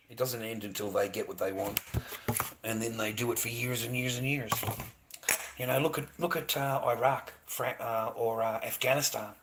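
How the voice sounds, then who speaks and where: A man with an Australian accent in a casual vlog monologue, ranting bluntly and profanely, repeating himself and calling the listener "mate". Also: mid-range voice. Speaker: vlogger. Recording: noisy background.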